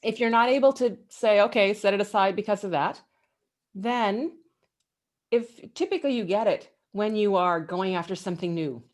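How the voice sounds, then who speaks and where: Middle-aged woman, executive guest, emphatic, lively pitch swings, motivational interview answers. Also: moderate pace.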